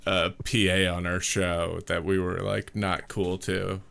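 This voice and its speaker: A man's voice: deep voice, flat delivery, slow pace, vocal fry, fairly bright tone. A man co-hosting a livestream, chatting casually in a rambling, hesitant way and spinning jokes. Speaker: comedy troupe member co-hosting a stream. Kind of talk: casual chat.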